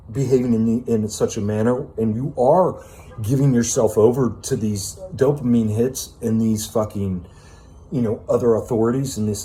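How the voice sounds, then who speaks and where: A man's voice: mid-range voice, warm tone, slight background noise. A man giving an unscripted self-help monologue, ranting with emphatic profanity and casual fillers like "man" and "you know.".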